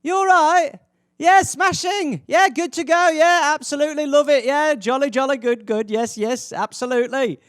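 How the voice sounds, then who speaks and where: A man's voice: extremely high pitch, moderate pace, no echo, clean studio sound, voice pushed up. A man putting on a chipper posh English accent, chatting on the phone in jolly, clipped stock phrases. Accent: English, put on.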